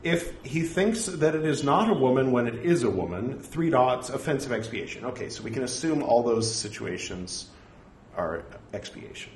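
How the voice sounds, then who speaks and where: A medium-pitched male voice moves at a moderate, sing-song pace through a passage of scripture, speaking the punctuation aloud. Now and then he interrupts himself with jokey, apologetic, self-deprecating comments, recorded in an echoey room with a faint hum of ambient sound.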